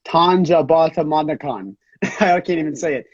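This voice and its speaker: A man jokes and teases on a live stream and laughs often. His voice is husky and high, with a lot of up and down. The sound is dry and lo-fi. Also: moderate pace, dry recording. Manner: joking, teasing, laughs often. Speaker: podcast co-host.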